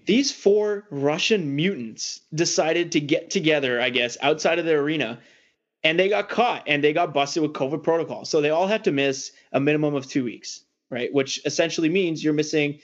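A man's voice: on the high side, normal speed, highs cut off. Rambling joking male podcast host. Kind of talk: casual sports podcast chat.

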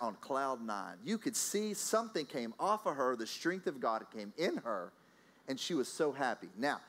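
A man from Texas with a Texan accent preaching a sermon. He tells a story in a lively, conversational way, chuckling often and calling out to the congregation. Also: mid-range voice.

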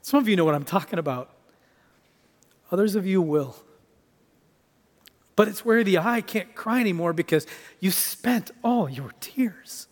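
A man preaching a sermon as pastor, swinging between raised, emphatic lines and soft, hushed ones. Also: high voice, a little slow, long pauses. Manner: expressive preaching, rising for emphasis and dropping to near hush. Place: church sanctuary. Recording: reverberant hall.

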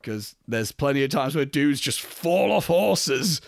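A man's voice: a little high, animated, unhurried, gravelly. A young man co-hosting a casual film podcast, swearing freely and laughing as he talks. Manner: swearing, laughing, acting out characters' lines. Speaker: podcast co-host.

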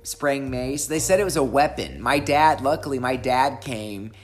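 Woman, casual chat storyteller, rambling and lively when acting out scenes. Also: very deep voice, normal speed, soft background music.

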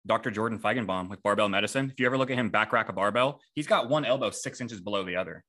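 A man hosting a casual podcast, talking in a relaxed way with many fillers and moving the topics along. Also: on the low side, very fast. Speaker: podcast host.

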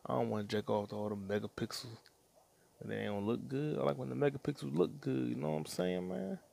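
A man hosts a solo podcast, rambling crudely and profanely from one topic to another and muttering to himself in a casual monologue. His mid-range voice is warm and steady, quick-paced, with vocal fry.

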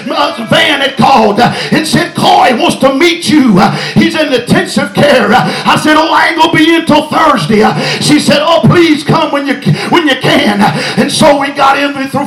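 A man preaching a sermon, shouting out a story with frequent "uh" and hallelujahs. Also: very high-pitched. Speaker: pastor. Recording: echoey church with music behind.

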